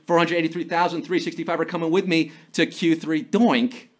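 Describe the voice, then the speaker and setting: A man's voice: a little high, little pitch movement, a little fast, few pauses. A man hosting a live trivia game show, reading questions with playful jokes and theatrical asides. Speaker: quiz show host.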